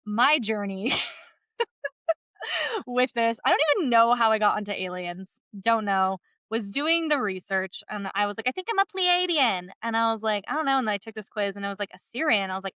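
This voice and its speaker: A woman hosting a podcast, telling stories in an animated way and laughing often. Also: on the high side, no echo. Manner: animated storytelling, laughs often, many likes. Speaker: podcast host. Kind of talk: casual chat.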